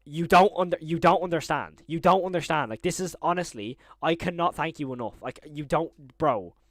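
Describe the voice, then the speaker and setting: An excitable young man live-streaming a reaction, tripping over his words with constant restarts. His voice sits a little high for a man, and the sound is close and dry with no room around it. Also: moderate pace, no echo. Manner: excitable, stammering with many restarts.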